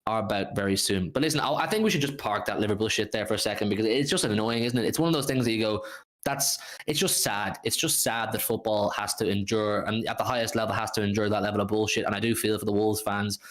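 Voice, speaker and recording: An Irishman hosting a livestream football chat, animated and swearing freely. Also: on the low side, fast. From Ireland. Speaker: podcast host.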